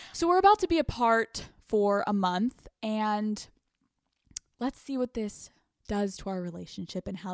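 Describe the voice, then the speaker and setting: A woman's voice: mid-range voice, clean tone, dry recording, clean studio sound. Candid, profane young woman podcaster. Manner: candid, profane, laughs often mid-sentence. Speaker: podcast host. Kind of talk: casual confessional podcast monologue.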